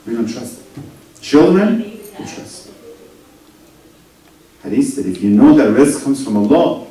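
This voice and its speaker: Animated preacher man in an echoey hall. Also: a little high, normal speed, pauses often, recorded from a distance. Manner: animated, rising and dropping to near whispers, asks the audience questions. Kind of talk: sermon.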